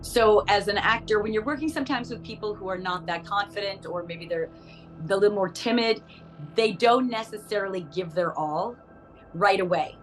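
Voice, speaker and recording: Animated actress telling stories. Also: female voice, medium pitch, normal speed, soft background music, low-quality recording. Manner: animated storyteller who laughs often and acts out voices. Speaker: actress and interview guest. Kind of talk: casual interview chat.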